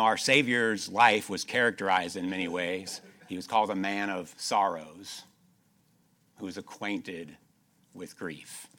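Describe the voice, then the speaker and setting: A man preaching with a bright, ringing tone that cuts through clearly. He swings from loud, emphatic stretches to soft, slowed passages, repeating key phrases and asking his congregation rhetorical questions. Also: deep voice. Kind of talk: sermon.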